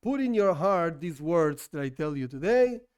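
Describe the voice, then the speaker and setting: A rabbi teaching an informal religious class, talking conversationally with rhetorical questions and frequent restarts, as a non-native English speaker. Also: male voice, on the high side, lively intonation, moderate pace, clear, resonant tone. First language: not English.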